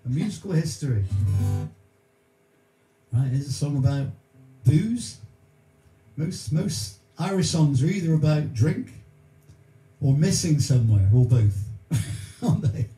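A man's voice: a little high, expressive, measured pace, pauses often, dark tone, roomy sound, rough recording. A man hosting a live music stream from home, bantering and telling stories between songs. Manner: jokey, chatty storyteller.

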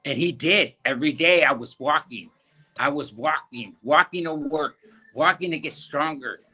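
A man giving a fervent personal faith testimony in an interview, halting and often repeating his words. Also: fairly high pitch, bright, forceful tone, slightly rough, low-quality recording.

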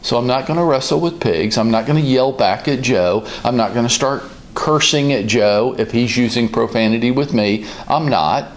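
A man hosting a business advice talk, speaking in a calm, measured and direct way. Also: medium pitch. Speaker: host, business coach.

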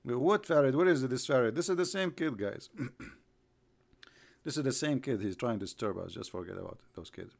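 A man's voice: medium pitch, lively intonation, normal speed, vocal fry. A man hosting a live online broadcast, mocking his subject with sarcastic rhetorical questions, repetition and bursts of laughter. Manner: rhetorical, repeats himself.

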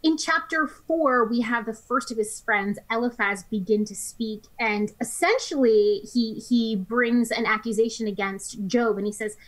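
A woman co-hosting a Bible study discussion, summing up scripture chapters briskly in her own words on a studio microphone. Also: fairly high pitch, rough recording.

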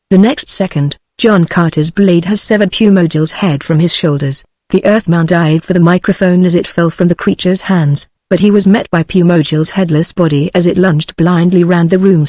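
A synthetic text-to-speech voice narrating an adventure novel with even, mechanical phrasing and a dry sound. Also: medium pitch, no echo. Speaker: audiobook narrator.

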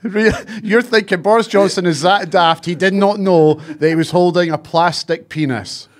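A man's voice: high-pitched, moderate pace. A man hosting a football podcast, running segments and teasing his co-host.

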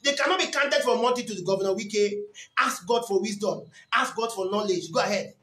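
Man preaching loud, bright high voice, repeats himself a lot. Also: a little fast. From Nigeria. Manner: impassioned, often shouting and repeating lines. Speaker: pastor. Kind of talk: sermon. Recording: echoey hall.

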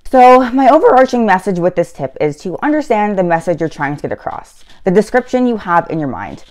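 A woman's voice: lowish voice, a little mellow. A woman giving a casual lesson on writing, explaining with chatty asides and self-corrections. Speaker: writing tutor.

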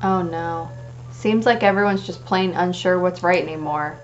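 A woman's voice: lowish voice, normal speed. A young woman plays a story game, reading its dialogue aloud and breaking off for anxious comments. Her voice comes through dull and lo-fi. Faint game music plays behind her. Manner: expressive, anxious reactions. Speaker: let's play gamer.

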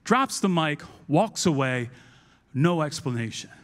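A man as pastor, preaching a sermon in a church service in a conversational, storytelling way with quick restarts. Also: fairly high pitch, big pitch swings, a bit bright.

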